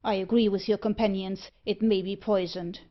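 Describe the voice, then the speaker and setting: A woman's voice: medium pitch, steady tone, moderate pace, lightly acted. A woman voicing a pompous, easily frightened older male merchant in a storybook reading. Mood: stiff. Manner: indignant and stiff. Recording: muffled lo-fi audiobook recording.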